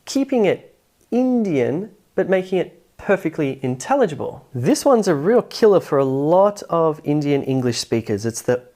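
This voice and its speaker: A woman teaching English pronunciation in a video lesson, explaining clearly and stressing example words to show how they sound. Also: low-pitched, very animated, normal speed, warm tone.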